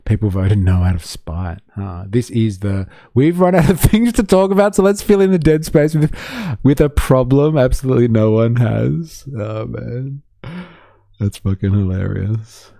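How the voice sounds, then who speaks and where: A man's voice: on the low side, animated, unhurried, creaky, mellow, no room sound, studio quality. A man with an Australian accent giving sardonic, swearing live-stream commentary and reading out chat comments.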